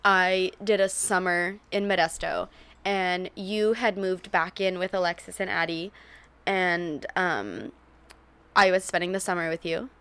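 A woman's voice: fairly low pitch, measured pace, fairly bright tone, clear, resonant tone. A young woman co-hosting a podcast, reminiscing with her partner, laughing often and swearing casually. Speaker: podcast co-host.

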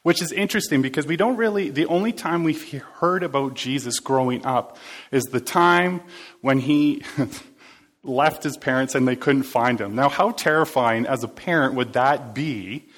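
A man's voice: medium pitch, moderate pace, a bit bright. A man preaching a casual, conversational sermon, joking and talking back and forth with his congregation. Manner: chatty, jokey, interacts with the congregation.

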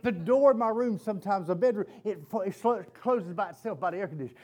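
High-voiced preacher telling a story. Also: male voice, fast talker, hardly any pauses. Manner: animated storytelling, often laughing mid-sentence. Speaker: pastor. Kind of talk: sermon.

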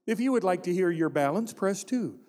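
A man imitating an automated phone menu voice that rattles off options in a flat, mechanical way, heard with a long hall reverb. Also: sits high, brisk. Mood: droning.

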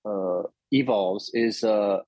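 A male actor telling stories in a casual interview, animated and often restarting his sentences. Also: fairly low pitch, slow, no room sound. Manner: anecdotal, animated, with frequent restarts.

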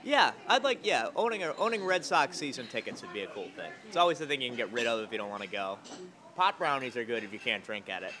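A male guest chats casually, spinning rambling stories full of jokes and asides. His medium-pitched voice swings widely in pitch and moves fast, with crowd noise in the background.

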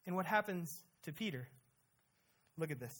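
A preacher giving a sermon with emphasis, asking the listeners rhetorical questions and shifting between quiet and loud delivery. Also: mid-range voice, animated, normal speed.

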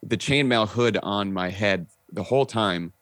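A low-voiced young man chatting as a podcast guest, animated and quick to act out what people said. He fills his stories with "like" and casual swearing. The sound is dry and close. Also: dry recording. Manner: animated storyteller, acting out quotes, frequent "like" and swearing. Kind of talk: casual chat, storytelling.

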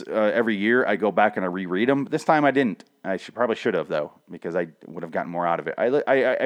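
A man giving a casual solo review, rambling and profane, with frequent restarts. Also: lowish voice. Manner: swings from ranting to mumbling self-deprecation. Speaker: comic and TV reviewer.

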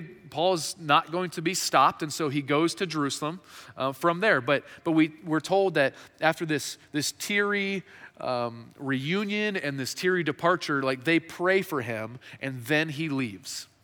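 A man's voice: on the high side, animated, measured pace, pushed and bright. A male pastor preaching a sermon in a conversational way, often restarting his sentences. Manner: conversational, with frequent restarts and fillers. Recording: reverberant hall.

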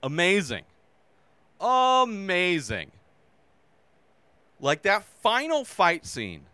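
A man hosting a casual movie review show, talking animatedly and acting out his own reactions with sudden shouts. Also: high voice, huge pitch swings, drawn-out words, smooth, no room sound.

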